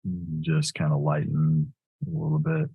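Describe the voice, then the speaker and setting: A man with a very low, gravelly voice and a husky edge talks through his trades live, thinking aloud and correcting himself as he goes. The sound is close and dry, with no room around it. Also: big pitch swings, a little slow, no room sound, phone-quality sound. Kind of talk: live trading commentary.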